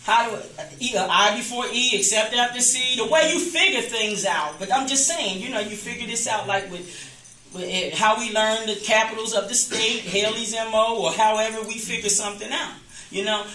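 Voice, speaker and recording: Bright-voiced woman minister in an echoey room. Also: a little high, normal speed. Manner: talks informally, repeats and restarts phrases, acts out quoted voices. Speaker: minister teaching a church class. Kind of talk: conversational Bible class teaching. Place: church classroom. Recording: echoey room, distant mic.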